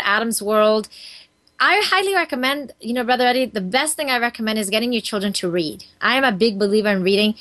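A woman in her thirties, a guest on a talk show, speaking earnestly and telling stories in an animated way. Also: fairly high pitch. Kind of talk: casual interview talk.

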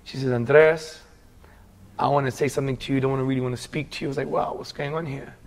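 A man's voice: medium pitch, fairly even intonation, quick pace. A man in his forties from England, earnestly telling his life story as a guest in a casual interview and calling the host bro.

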